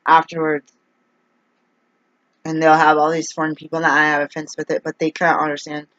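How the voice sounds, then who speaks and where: A woman's voice: sits low, completely flat delivery, normal speed, a bit bright, no room sound. A woman ranting in a casual vlog, rambling and exasperated as she complains. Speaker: vlogger. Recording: dull, dry lo-fi recording.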